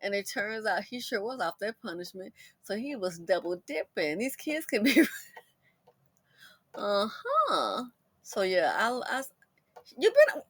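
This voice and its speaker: A middle-aged woman hosts a casual storytelling commentary, spinning her own stories in a loose, chatty way and laughing freely. Her bright, forward voice swings widely in pitch from phrase to phrase. The sound is close and dry, with no room sound at all.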